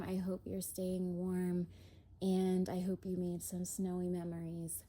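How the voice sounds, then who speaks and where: Slow-talking, mellow-voiced young woman. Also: on the low side, monotone. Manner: slow, airy, lots of "if you will" and soft laughs. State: slightly out of breath. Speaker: oracle card reader and mindset coach. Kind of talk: casual spiritual chat. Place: home, indoors.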